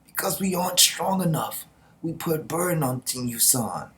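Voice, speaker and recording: A man's voice: on the high side, lively intonation, normal speed, a bit bright, pitched above the performer's own voice. A man reading out a grief-stricken male soldier from a comic who blames himself, in a strained, pleading voice. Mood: anguished. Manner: pleading, strained, repeated cries.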